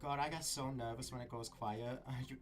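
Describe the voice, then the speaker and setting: A man streaming live gameplay, talking himself through it in an excitable, nervous way. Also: mid-range voice, moderate pace. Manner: excitable, nervous self-talk. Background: game music.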